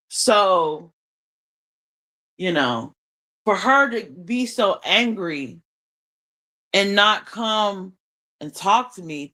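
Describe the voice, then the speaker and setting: A woman hosting a livestream, her voice bright and sharp-edged. She talks slowly and deliberately, venting with emphasis and swearing freely. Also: on the low side. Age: adult mother. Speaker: livestream host. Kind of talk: unscripted livestream monologue.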